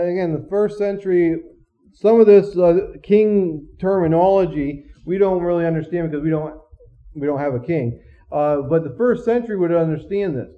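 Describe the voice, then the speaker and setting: A man's voice: high voice, dull audio. A man teaching a Bible study in a conversational way, restarting phrases often and asking rhetorical questions.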